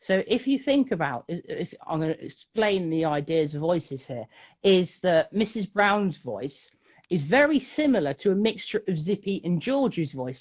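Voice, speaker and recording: A man from England, a magician and puppeteer, chatting as a guest on a live stream in a jokey, animated way. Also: high-pitched, dull audio. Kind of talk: casual chat on a live stream.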